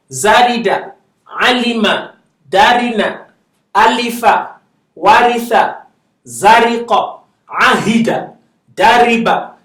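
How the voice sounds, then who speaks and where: Male language teacher, high voice, slow and deliberate delivery, recorded from a distance in a classroom. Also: fairly bright tone. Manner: drills words slowly, laughs often, chatty asides. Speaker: Arabic teacher. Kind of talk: classroom lecture, reading word lists aloud. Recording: echoey classroom from far off.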